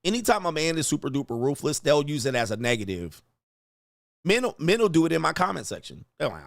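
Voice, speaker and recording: A man hosting a commentary show, ranting bluntly and mockingly, with profanity and quick mimicked voices. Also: a little high, very animated, no echo, studio quality. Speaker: host. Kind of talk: casual commentary rant.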